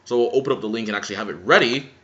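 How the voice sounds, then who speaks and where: A man's voice: medium pitch, rapid-fire, background noise. A man ranting sarcastically and profanely in a seated commentary vlog, filmed indoors on a camera mic. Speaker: vlogger. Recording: roomy, dull lo-fi sound.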